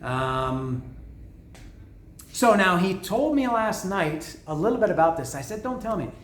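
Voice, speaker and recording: A man casually talking through an unboxing of records, rambling and excitable, swearing freely and restarting his sentences. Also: high voice, a little slow, reverberant, a little hiss or hum. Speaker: vinyl record vlogger. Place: lives in Mexico.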